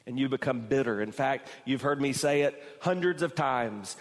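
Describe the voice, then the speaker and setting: Preaching man in a reverberant church. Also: mid-range voice. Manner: builds from quiet, slow phrasing to raised, emphatic preaching. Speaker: pastor. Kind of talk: sermon.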